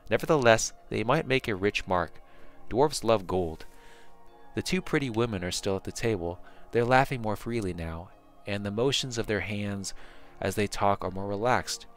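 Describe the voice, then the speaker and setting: A man narrating a second-person fantasy adventure in a measured way, with small slips and restarts. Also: lowish voice, faint music behind.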